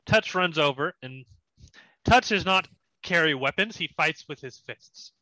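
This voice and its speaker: Bright-voiced man running a tabletop game. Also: fairly high pitch, expressive, measured pace, no room sound, low-quality recording. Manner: descriptive, laughs often, casual. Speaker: dungeon master.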